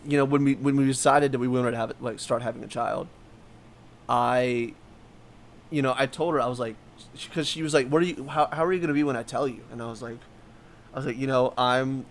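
A man's voice: medium pitch, steady tone, fairly quick, slight background noise. A man chatting casually as a podcast co-host, talking candidly in a rambling way with many fillers and restarts. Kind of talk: casual chat.

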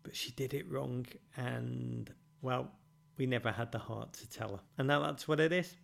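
A man's voice: mid-range voice, normal speed, creaky, a bit bright. A man hosting a football podcast, answering listener questions with dry, self-mocking humour and theatrical flourishes. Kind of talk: wry, theatrical monologue.

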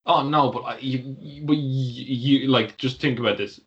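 A man's voice: medium pitch, steady tone, normal speed, dull audio. A man co-hosting a casual wrestling podcast, rambling with lots of fillers and easy laughs. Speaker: podcast co-host.

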